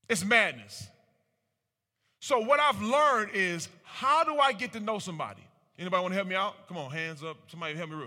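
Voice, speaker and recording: A man giving a preaching-style talk to a live audience, asking rhetorical questions and calling for responses. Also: high voice. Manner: animated, rhetorical questions, acts out quoted voices. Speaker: speaker at a community talk. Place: large room with an audience. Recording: reverberant hall.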